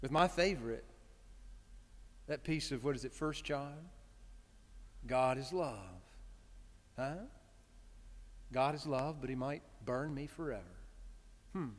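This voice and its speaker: A priest preaching a conversational, story-driven sermon. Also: male voice, mid-range voice, slow, pauses often. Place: church sanctuary. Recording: reverberant church hall.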